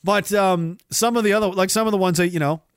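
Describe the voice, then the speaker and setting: A man's voice: steady tone, fast talker, clean tone, dry recording, studio quality. A man hosting a livestream, ranting in a profane, rambling way and mocking others with sarcastic put-on voices. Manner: sarcastic, mocks others in high mimicking voices. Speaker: livestream host.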